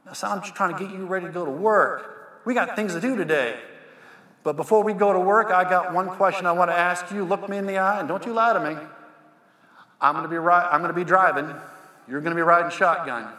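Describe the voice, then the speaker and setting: God as a fatherly cowboy, voiced by a preacher, firm and folksy, calling the listener son. The voice is high, bright and forceful, and it rings through a big hall with a long tail of echo. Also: fairly quick. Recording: echoey hall with long reverb.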